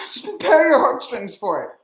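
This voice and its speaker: A man's voice: very high voice, huge pitch swings, moderate pace, echoey room. Anxious sighing male sports fan. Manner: anxious, pleading, heavy sighs. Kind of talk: live game reaction stream.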